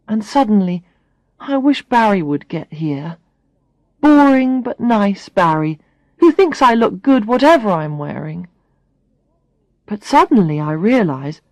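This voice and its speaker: A woman narrating a first-person story for language learners. She reads slowly and clearly, with a lively, swinging pitch. The recording is close and dry. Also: no room sound. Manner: slow, clear and expressive. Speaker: audiobook reader.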